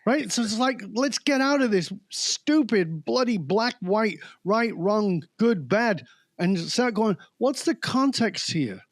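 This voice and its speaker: A man talking as a podcast guest, animated, slowing down to hammer key words and mimicking other voices. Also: high-pitched, dry recording, studio quality. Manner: animated storyteller who mimics accents and voices; slows down to stress key words. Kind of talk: casual conversation.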